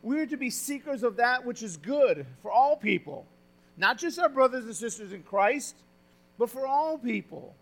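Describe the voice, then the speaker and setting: A male pastor preaching a sermon, moving between loud, emphatic exhortation and quiet, confiding stretches, often asking the congregation questions. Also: very high-pitched, animated, moderate pace. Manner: says "friends" and asks the congregation questions.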